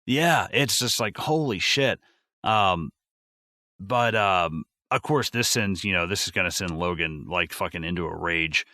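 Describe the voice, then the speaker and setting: A man co-hosting a podcast, recapping a movie in casual chat, excitable and profane, with lots of fillers. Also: low voice, measured pace, no room sound, clean studio sound. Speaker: podcast co-host.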